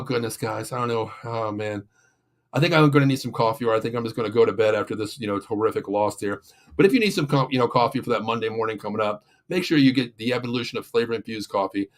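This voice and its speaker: Frustrated rambling sports show host. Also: male voice, medium pitch. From Pittsburgh area, USA. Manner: frustrated, rambling, with many fillers and restarts. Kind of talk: casual sports rant and sponsor reads.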